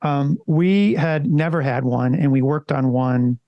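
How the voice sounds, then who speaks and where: A man co-hosting a podcast in a loose, casual way, with the odd curse thrown in. His voice sits a bit high and has a gravelly, crackly edge. The sound is dry and close, with no room around it. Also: a little slow, no echo, dull audio. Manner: conversational, loose and swearing. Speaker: podcast co-host.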